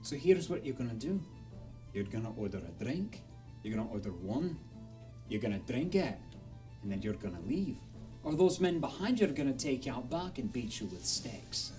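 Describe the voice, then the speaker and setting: A man voicing a stern, gruff Scottish pub bartender who talks low and hushed, with menace. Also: very animated, moderate pace, recorded from a distance, faint music behind, natural voice. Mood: hushed threatening.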